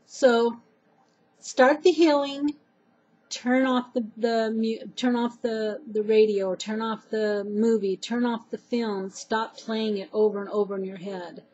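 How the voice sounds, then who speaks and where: A woman's voice: on the high side, fairly even intonation, a little slow, darkish tone, dull audio. A woman earnestly sharing personal life advice with her viewers, rambling a little with fillers and restarts. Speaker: vlogger giving advice. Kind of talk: heartfelt personal advice to camera.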